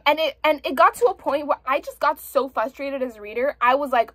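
High-pitched exasperated young woman reviewer. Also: quick pace, hardly any pauses, dry recording. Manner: animated, exasperated ranting with frequent swearing. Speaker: book reviewer. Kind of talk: casual book review vlog.

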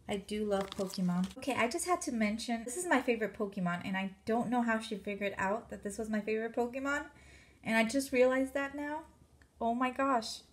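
A woman vlogger unboxing a gift package, gushing and gasping with excitement. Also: a little high, a little hiss or hum.

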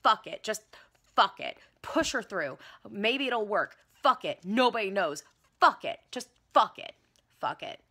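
Woman voicing fed-up party bosses, profane, loud, reckless. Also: mid-range voice, lively intonation, slow pace, few pauses. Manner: repeats a curse, shouted.

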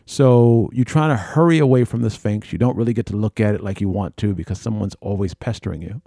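A man hosting a podcast, telling a travel story in an animated way and acting out the dialogue. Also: fairly low pitch, fairly quick, no echo, studio quality. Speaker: podcast host. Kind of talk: storytelling monologue.

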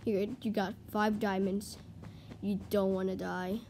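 A woman's voice: mid-range voice, flat delivery, unhurried, warm tone, a little hiss or hum. A woman talking through a video game as she plays, chatty and easily flustered, breaking into frantic panic when things go wrong. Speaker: gaming video creator. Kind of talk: live gameplay commentary.

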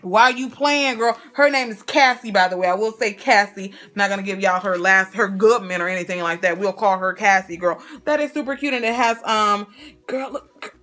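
A woman vlogger chatting casually while opening fan mail, excitable and stumbling over her words, calling viewers girl and y'all. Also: mid-range voice, a little fast, soft background music. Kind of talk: casual chat.

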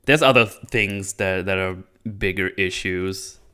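A man's voice: deep voice, unhurried, sharp tone, clear, resonant tone. A man hosting his own channel, recapping a movie in a casual, rambling way, often laughing and acting out characters' lines. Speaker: channel host reviewing a movie.

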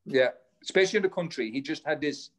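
A man's voice: a little high, fast, a bit bright. A man, a former runner, telling rambling stories as a podcast guest, swearing casually and restarting his sentences. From Ireland. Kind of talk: casual storytelling chat.

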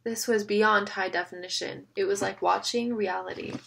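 A woman reading an audiobook aloud, with steady, measured storytelling. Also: mid-range voice, vocal fry, slight background noise. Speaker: audiobook narrator. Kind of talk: scripted narration.

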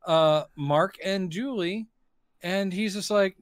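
A man's voice: sits high, takes it slowly, no echo, studio quality. A man co-hosting a podcast, chatting wryly about a movie and teasing his co-host. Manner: wry, teasing, quotes characters. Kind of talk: casual movie-review chat.

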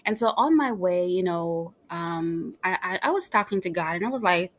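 Brief: lower-pitched middle-aged Jamaican woman, interview guest, lively storyteller. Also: moderate pace. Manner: animated storyteller, acts out quoted dialogue. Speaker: guest entrepreneur.

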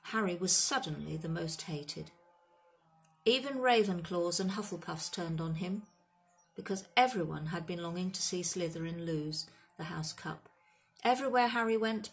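A woman narrating a children's fantasy book in a steady, expressive reading voice. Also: on the low side. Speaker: audiobook reader. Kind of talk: storybook narration.

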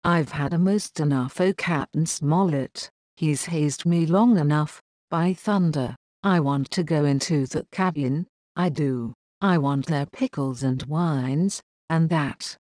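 A woman's voice: low-pitched, slow, few pauses, a little mellow, dry recording, clean studio sound. A woman voicing an impatient, grumbling male pirate coxswain who complains in sailor's dialect, read as an audiobook. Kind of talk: audiobook reading.

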